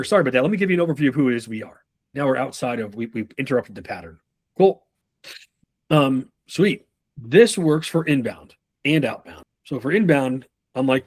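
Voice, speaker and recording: A man giving a casual sales training talk, swearing freely and acting out pitches and customer replies. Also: animated, breathy edge, no echo. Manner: loose, profane, acts out sales calls in quick role-play.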